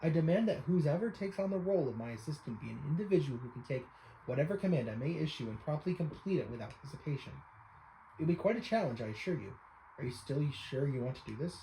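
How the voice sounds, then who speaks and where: A man reads as an eccentric old photography devotee from a game, speaking in stiff, courtly phrases and calling his listener young sir. The voice stays mellow and dark. A faint hiss lies behind it. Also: fairly high pitch, lively intonation, quick pace, echoey room, rough recording. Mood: earnest. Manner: old-fashioned formal speech, addresses listener as young sir. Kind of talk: reading game dialogue aloud.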